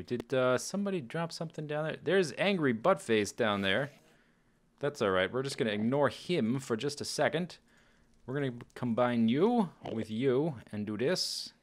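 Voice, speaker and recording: A man giving chatty, casual commentary over his own gameplay, often exclaiming and chuckling as he plays. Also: mid-range voice. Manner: chatty, animated, exclaims and laughs at the game. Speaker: Let's Play host.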